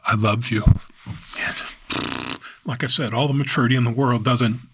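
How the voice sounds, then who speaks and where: A man guesting on a podcast, telling a story in a halting, reflective way with many fillers and restarts. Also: medium pitch, steady tone, noisy background. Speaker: podcast guest, decedent remover. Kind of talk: casual interview storytelling. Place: podcast studio.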